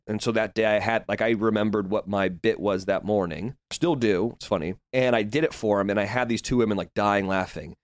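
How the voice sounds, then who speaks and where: Guy in his 30s on a podcast, animated storyteller, laughs a lot, dry close mic. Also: fairly low pitch, fairly quick, hardly any pauses, smooth, dry recording. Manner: animated storyteller, laughs often, acts out voices. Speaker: podcast guest. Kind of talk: casual interview chat.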